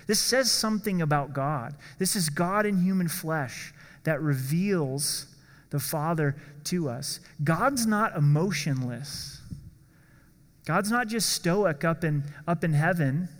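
Male pastor, earnest sermon delivery, a touch high-pitched, echoing church hall. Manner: earnest, slows down for emphasis.

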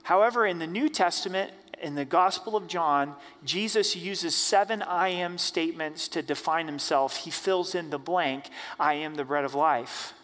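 A man preaching an Easter sermon as pastor, reading scripture aloud and then preaching on it with measured emphasis. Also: on the high side, a bit bright. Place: church sanctuary. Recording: church hall with long reverb.

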